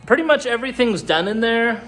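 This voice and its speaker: A man chatting casually and excitedly as he shows his car restoration work, joking along the way. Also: extremely high pitch, brisk. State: out of breath. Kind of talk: casual vlog commentary.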